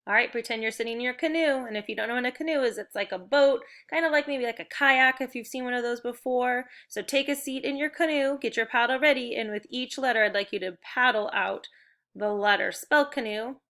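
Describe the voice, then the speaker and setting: A woman teaching a recorded phonics and spelling lesson to young children, speaking slowly and clearly with encouragement. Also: fairly high pitch, fairly bright tone.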